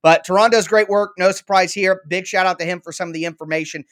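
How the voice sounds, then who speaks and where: A man's voice: high voice, steady tone, quick pace, a bit bright. Emphatic man arguing sports opinions. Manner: emphatic, argues with repeated punchy lines and analogies. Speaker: sports show host.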